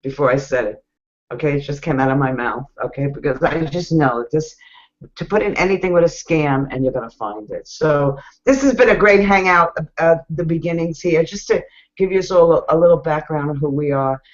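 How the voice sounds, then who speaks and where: A woman's voice: low voice, fairly quick. Blunt woman coaching over a video call. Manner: blunt, animated, coaching the viewers directly. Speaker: webinar host. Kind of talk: casual motivational talk. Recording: muffled video call audio.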